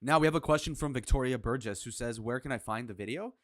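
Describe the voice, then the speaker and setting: A man hosts a live reaction stream, speaking fast in a medium-pitched voice with a brash, crude, mocking attitude. Wearing headphones and using a desk mic, he sounds dry and studio-quality.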